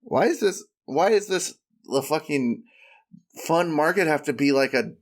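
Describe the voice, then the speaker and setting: Animated man riffing on a comedy podcast. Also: on the high side, a little slow. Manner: playful riffing with silly exaggerated jokes. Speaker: podcast co-host. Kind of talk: casual comedic chat.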